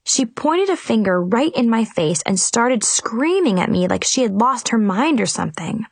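Woman narrator, lively storybook reading, dry close sound. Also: fairly high pitch, moderate pace, gravelly, breathy edge, no echo. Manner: expressive, first-person storytelling.

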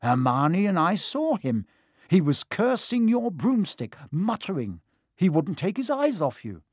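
A man's voice: high voice, very animated, a little slow, dry recording, clean studio sound, voice pushed up, exaggerated voice. A man voicing an anxious young schoolboy wizard, plain-spoken and worried.

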